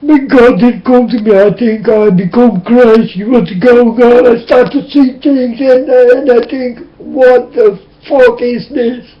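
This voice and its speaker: A man's voice: very high voice, steady tone, measured pace, few pauses. Impassioned man on lo-fi webcam audio. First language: Dutch. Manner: impassioned, tearful, repetitive preaching. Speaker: webcam speaker. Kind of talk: emotional webcam monologue. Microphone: webcam mic.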